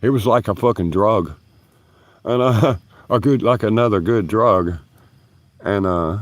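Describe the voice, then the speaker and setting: A man's voice: lowish voice, a little slow, no echo. A man rambling through stories on a livestream from his backyard, swearing and laughing as he talks. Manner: profane, laughing, drawling. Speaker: livestream host, union stagehand. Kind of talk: rambling casual storytelling. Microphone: phone camera set down nearby.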